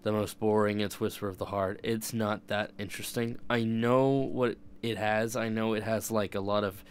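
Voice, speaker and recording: Young man, casual streamer chat, rambling, profane, low pitch. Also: steady tone, normal speed, a little hiss or hum. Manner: rambling, profane, self-interrupting.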